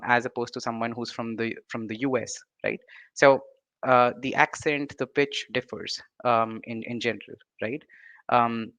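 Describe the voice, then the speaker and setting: A man's voice: mid-range voice, fairly bright tone, clean tone, no echo. A young man with an Indian accent, giving an online lecture, full of fillers and restarts and often checking in with "right?". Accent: Indian English. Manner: halting, many fillers and restarts, ending points with "right?". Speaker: presenter.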